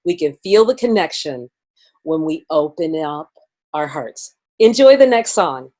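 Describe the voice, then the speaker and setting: A woman musician casually greets a congregation with affection before introducing a song. Her voice is somewhat low for a woman, and she keeps a friendly tone. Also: expressive, measured pace, warm tone.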